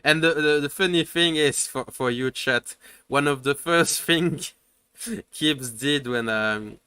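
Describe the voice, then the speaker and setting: Slow hesitant French-accented man, bright voice. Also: fairly high pitch, smooth, no echo. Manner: hesitant, many fillers and restarts, laughs often. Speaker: host. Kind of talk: casual livestream chat.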